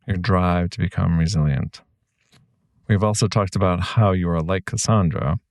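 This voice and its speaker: A man with a deep, gravelly, slightly mellow voice hosts a reflective podcast, speaking earnestly and reassuringly straight to his listener. The recording is close and completely dry, with no room sound or echo.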